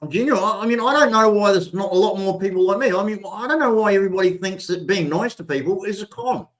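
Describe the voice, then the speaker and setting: A man's voice: sits high, quick pace. An older Australian man hosting a casual livestream chat, rambling and often repeating and restarting his words. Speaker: livestream host.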